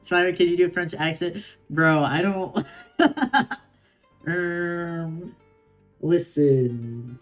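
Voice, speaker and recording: A woman's voice: fairly low pitch, extremely slow, faint music behind. A woman streamer reading a game story aloud on stream, reacting with playful giggles.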